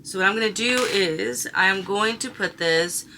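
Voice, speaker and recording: A woman's voice: medium pitch, unhurried, bright, forceful tone, slight background noise. A young woman chatting casually through a makeup tutorial, gushing over colors and sprinkling in slang. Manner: chatty, gushing, uses slang like "she is giving". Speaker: beauty vlogger.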